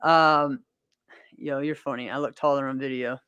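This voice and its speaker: A man's voice: mid-range voice, fairly even intonation, moderate pace, bright, forceful tone, smooth, no room sound. A man in his thirties hosting a podcast, chatting casually in an upbeat, rambling way with lots of fillers and frequent laughter. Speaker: podcast host and martial arts competitor. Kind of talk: casual chat.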